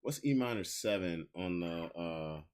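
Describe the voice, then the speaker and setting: A man's voice: low-pitched, animated, a little slow. A man hosting a podcast stream, tipsy, chatting loosely in slang while fiddling with a guitar. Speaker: podcast host. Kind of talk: casual livestream chat. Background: guitar strumming.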